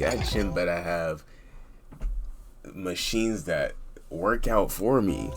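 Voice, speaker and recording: Man, live reaction streamer, low voice, slow, slangy asides. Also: lively intonation. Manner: casual slangy remarks.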